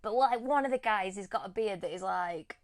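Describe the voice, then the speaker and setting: Woman, podcast co-host, casual chat, giggly, medium pitch. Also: fairly quick. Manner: giggly, chatty, lots of "like".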